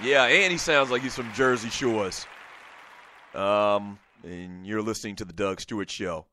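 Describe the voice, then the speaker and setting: A man hosting a casual sports talk show, animated, often laughing and reading listener messages aloud. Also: lowish voice, measured pace, crowd noise, background noise.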